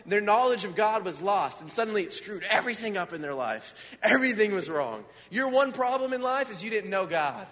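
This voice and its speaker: A man preaches in a loose, conversational way, earnest and often turning questions back to his listeners. His voice sits high for a man. Long reverb from the hall trails behind him. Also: a bit bright. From United States. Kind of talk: informal sermon.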